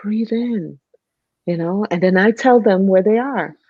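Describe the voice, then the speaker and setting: A woman's voice: mid-range voice, a little slow, dry recording. A woman who works as a nurse, talking earnestly in a casual conversation and acting out how she coaches patients through their breathing. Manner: earnest, acts out patients and her own calm coaching. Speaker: nurse, guest. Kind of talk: casual conversation on a video call. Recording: dull, muffled video call audio.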